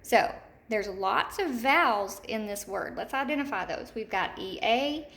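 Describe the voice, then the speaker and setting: Woman teacher, slightly high voice, slow careful phonics lesson for kids. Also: animated, a bit bright. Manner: slow, deliberate, repeats words clearly; speaks to young children, checks with "okay?". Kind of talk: recorded remote phonics lesson.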